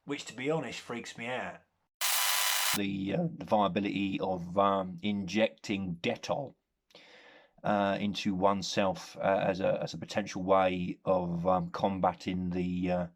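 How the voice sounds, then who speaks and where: Man rambling through a comic monologue. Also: lowish voice. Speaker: comedy host.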